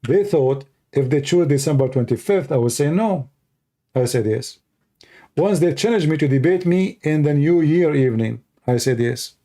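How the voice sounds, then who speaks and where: A man's voice: a little high, expressive, moderate pace, mellow. A man hosting a livestream, talking off the cuff in a combative, mocking, rambling way, his voice tired after hours of talking. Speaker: livestream host. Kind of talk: unscripted livestream monologue.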